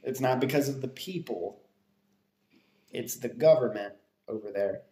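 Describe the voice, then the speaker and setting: A man's voice: medium pitch, measured pace, warm tone. A man telling stories in casual chat on a podcast. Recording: echoey room.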